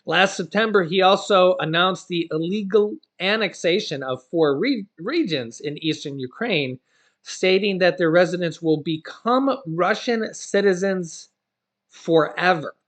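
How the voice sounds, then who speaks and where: Male commentary host, slightly raised pitch, reads news copy then drifts into casual chatty asides. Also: unhurried, fairly bright tone. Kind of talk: reading news with personal commentary.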